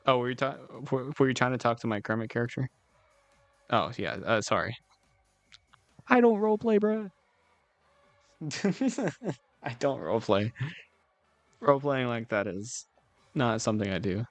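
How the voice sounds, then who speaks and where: A man's voice: medium pitch, moderate pace, long pauses, a bit bright, dry recording, faint music behind. A man streaming and chatting casually with his viewers, rambling in a laid-back way, swearing now and then and giggling often. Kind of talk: casual chat with live chat.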